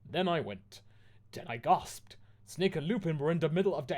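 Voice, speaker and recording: A man's voice: a little high, normal speed. A man from the United Kingdom reading bad fanfiction aloud in a mock-dramatic comic style. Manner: mock-dramatic, lively delivery.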